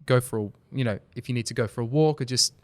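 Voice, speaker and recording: Quick-paced and mid-range, this man's voice comes through with no echo. As a podcast guest who founded a video company, he earnestly recounts stories in a casual interview, livening up when pressing a point.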